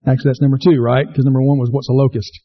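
A man's voice: little pitch movement, racing. A man preaching an earnest sermon, repeating himself and asking the congregation questions. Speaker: pastor. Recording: slightly dull low-fidelity recording.

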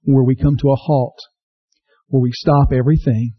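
A man's voice: fairly even intonation, normal speed, breathy edge. A man preaching an earnest sermon, repeating himself and asking the congregation questions. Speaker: pastor. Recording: slightly dull low-fidelity recording.

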